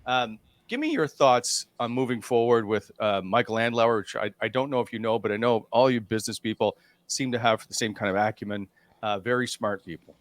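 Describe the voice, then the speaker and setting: A man's voice: medium pitch, a little fast, dry recording. A man hosting a sports talk interview, asking questions in a friendly, joking way. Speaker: host. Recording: dry close studio sound.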